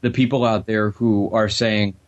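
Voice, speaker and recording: A man's voice: lowish voice, flat delivery, moderate pace. A man co-hosting a podcast in casual chat, rambling, sardonic and crude. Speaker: podcast co-host.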